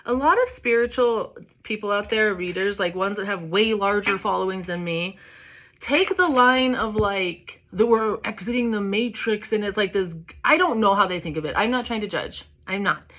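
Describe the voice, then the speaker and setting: A woman's voice: medium pitch, moderate pace, fairly bright tone. A woman giving a casual spiritual reading, chatty and candid, swearing freely and filling her talk with "like" and "you know". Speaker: tarot reader.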